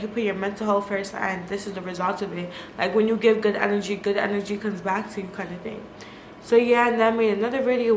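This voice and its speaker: Young woman, food vlogger, casual storytelling, candid, swears a lot, echoey room. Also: medium pitch. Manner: candid and emotional, filler-heavy, swears freely. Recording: echoey room with faint noise.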